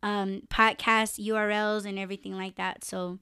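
A woman's voice: medium pitch, level tone, normal speed, bright, forceful tone, clear, resonant tone, dry recording, clean studio sound. A young woman hosting a live podcast, chatting casually, swearing freely and laughing often. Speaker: podcast host. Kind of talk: casual live-stream chat.

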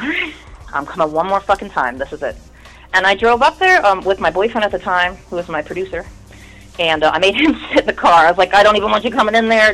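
A woman's voice: mid-range voice, fairly bright tone, poor audio. Woman, 30s, interview guest; candid, rambling, foul-mouthed storyteller, mid-range voice. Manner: candid, rambling, swears often.

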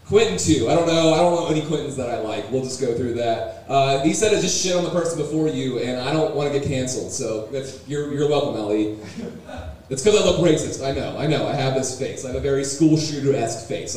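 A man doing a deadpan, self-deprecating stand-up set with muttered asides, at a small comedy venue. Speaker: stand-up comic. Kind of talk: open-mic stand-up set. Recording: echoey room, distant mic, low noise.

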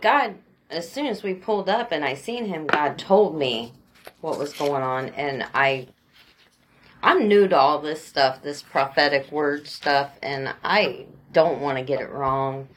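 Low-voiced woman telling a story. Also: a little slow, slight background noise. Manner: storytelling, laughs easily. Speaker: podcast co-host. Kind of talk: casual faith chat.

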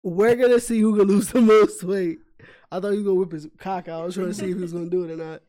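A man co-hosting a podcast, teasing the others with profane, quick jabs. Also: high-pitched, steady tone, dark tone. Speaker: podcast co-host. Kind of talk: casual podcast banter.

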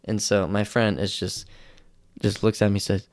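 A man's voice: lowish voice, steady tone, moderate pace, no room sound, clean studio sound. A young man hosting a podcast, telling a rambling, self-deprecating story in casual talk and acting out the quotes in raised voices. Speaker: podcast host.

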